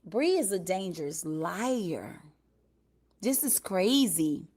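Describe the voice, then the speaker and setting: A woman hosting a casual livestream commentary show, talking straight to her chat in a drawn-out way. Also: on the low side, lively intonation, a little mellow. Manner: drawn-out, talks to the chat directly.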